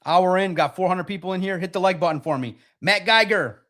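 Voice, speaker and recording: A man hosting a live-stream sports talk show, reading chat and talking in an animated, sarcastic, rambling way. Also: sits high, a little fast.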